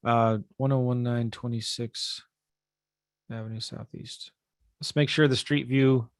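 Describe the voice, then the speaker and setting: A man coaching on a live webinar, casual and upbeat as he walks viewers through his screen. His voice sits in an ordinary middle pitch. The sound is dry and close, with no room echo. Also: a little slow, clear, resonant tone. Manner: casual, energetic, talks straight to viewers. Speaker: real estate investing coach.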